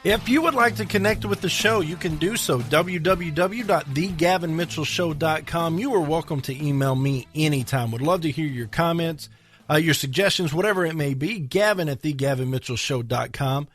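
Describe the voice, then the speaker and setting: A man's voice: a little high, normal speed, a bit bright, soft background music. A man hosting a talk radio show in a conversational way, sometimes getting tongue-tied.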